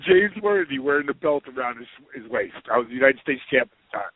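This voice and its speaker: A man telling a lively, profane anecdote as a podcast guest, acting out the voices of the people he quotes. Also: mid-range voice, fairly quick, dry recording. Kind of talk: casual anecdote storytelling. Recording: tinny phone-like line, dry.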